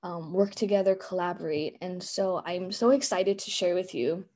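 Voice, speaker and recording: A woman's voice: fairly low pitch, moderate pace, darkish tone. A woman giving a casual conference talk on a video call, chatty and full of fillers and restarts. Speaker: conference presenter. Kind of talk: casual live online presentation.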